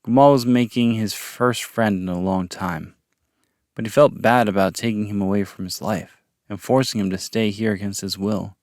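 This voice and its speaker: A man narrating a story podcast in a calm, measured reading voice. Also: fairly low pitch, dry recording, clean studio sound. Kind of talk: audiobook-style story narration.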